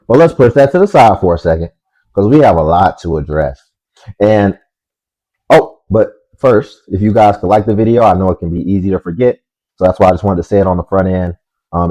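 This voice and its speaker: A man's voice: sits low, mellow, poor audio. A man hosting a commentary video, speaking in a dry, sarcastic way. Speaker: commentary host. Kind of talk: scripted commentary.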